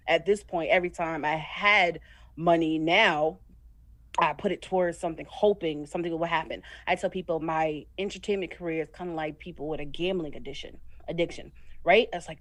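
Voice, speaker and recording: A woman's voice: low voice, fairly even intonation, moderate pace, dry recording. A woman from Connecticut, a voiceover artist, telling candid stories as a guest in a casual radio interview. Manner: candid storytelling, acts out her own thoughts.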